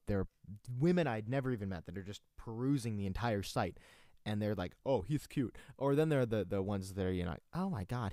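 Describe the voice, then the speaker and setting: A young man hosts a casual livestream, rambling from topic to topic and reading chat aloud. His voice is low and mellow, with a self-deprecating ease. The recording is dry and close. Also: no room sound. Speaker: livestream host.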